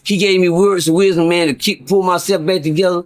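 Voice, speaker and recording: Middle-aged man, higher pitch, casual storyteller, profane, stammering repeats. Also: fairly even intonation, brisk. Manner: profane, repetitive, stammering restarts. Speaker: guest storyteller.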